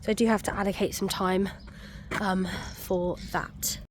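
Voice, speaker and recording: A woman's voice: medium pitch, level tone, measured pace, a little hiss or hum. A young woman, out of breath, chatting casually to camera on a muddy country walk with many ums. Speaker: vlogger. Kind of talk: casual walking vlog.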